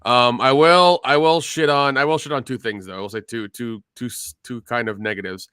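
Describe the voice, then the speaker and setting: A man in a casual film review chat, easygoing and quick to joke. His voice is mid-pitched, bright and forward, with a smooth, clear tone. The recording is close and dry. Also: no room sound. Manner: easygoing, agreeable, joking. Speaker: podcast co-host.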